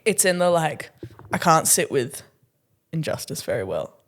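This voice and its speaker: A young woman from Australia co-hosting a podcast, chatting casually and acting out quotes with sudden pitch jumps and laughter. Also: big pitch swings, normal speed. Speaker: podcast co-host, comedian. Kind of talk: casual chat.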